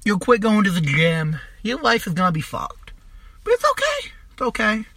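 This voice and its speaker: A young adult riffs through a profane comedy rant, sneering at targets and swearing nearly every line. The voice sits bright and forward. The recording is dry and close, with no room sound. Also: medium pitch, lively intonation, normal speed, vocal fry, no room sound. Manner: crude, mocking, swears constantly, trails off and restarts. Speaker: podcast host.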